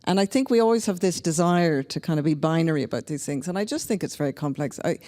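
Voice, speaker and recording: A woman's voice: deep voice, animated, fast talker, dark tone, in a large hall. A woman from Northern Ireland speaking candidly and reflectively as a panelist at a public discussion. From Northern Ireland (County Antrim). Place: large hall at a public panel event.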